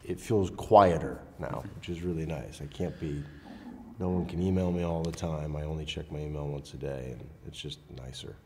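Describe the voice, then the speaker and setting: Low-voiced male actor, relaxed and frank, slightly reverberant space with faint noise. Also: normal speed. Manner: laid-back, candid, swears casually. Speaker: actor guest. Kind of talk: casual interview chat.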